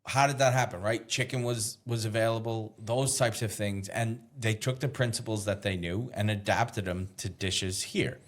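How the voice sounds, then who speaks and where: A man's voice: fairly low pitch, moderate pace, hardly any pauses. A man, a chef guest in a casual interview, explaining things as he thinks aloud, with small restarts along the way.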